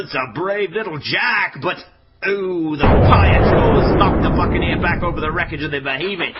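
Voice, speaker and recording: A man giving dramatic, excitable play-by-play commentary, swinging between hushed remarks and shouted exclamations. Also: high voice, vocal fry, very noisy. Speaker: podcast host. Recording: dull lo-fi audio with loud music.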